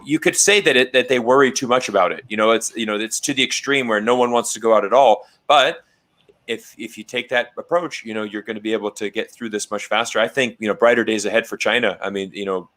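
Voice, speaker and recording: A man's voice: fairly low pitch, a bit bright. A man speaking as a livestream panel guest over a video call, talking in a casual way with many fillers and restarts. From Canada.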